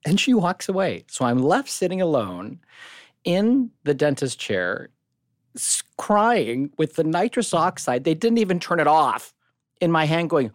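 A man co-hosting a podcast, telling a personal story in an animated, casual way, jumping high in pitch when he acts out what people said and swearing freely. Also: normal speed, no echo, clean studio sound. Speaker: podcast co-host.

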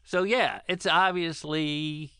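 Wry man in his fifties, bright tone. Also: a little high, fairly even intonation, takes it slowly, clear, resonant tone, no echo. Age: 50s. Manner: wry, dry teasing. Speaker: podcast co-host. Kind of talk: casual chat.

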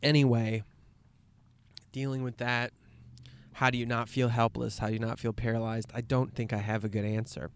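A man musing aloud in a casual vlog in a quiet meadow, earnest and rambling, swearing often and swinging from hushed to impassioned. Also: mid-range voice, level tone, moderate pace, long pauses, clean tone. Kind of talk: casual outdoor vlog monologue.

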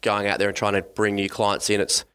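A man's voice: lowish voice, completely flat delivery, brisk, a bit bright, clear, resonant tone. An Australian man in his thirties, a guest chatting casually on a podcast, restarting sentences and laughing often. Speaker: podcast guest, business director. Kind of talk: casual chat.

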